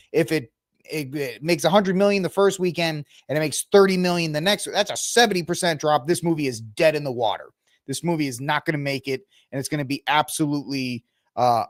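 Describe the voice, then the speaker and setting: A man with a slightly high voice hosts his own podcast in casual solo commentary, recorded at studio quality with no echo. Chatty and rambling, he drifts through sports and movie talk, speaking to listeners while he browses the web to look things up.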